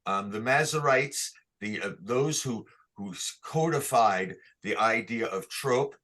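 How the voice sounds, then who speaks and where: A man's voice: on the low side, unhurried, fairly bright tone. A man teaching Torah cantillation online, patiently explaining each sign and singing short chant examples for the class to repeat.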